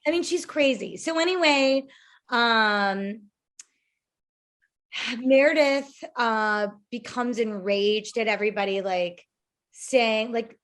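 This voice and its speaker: A woman's voice: fairly high pitch, slow, pauses often, a bit bright. A woman co-hosting a podcast, recapping reality TV in a chatty way full of fillers. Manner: chatty recapper, many fillers like "you know" and "like". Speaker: podcast co-host. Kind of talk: casual reality TV gossip chat.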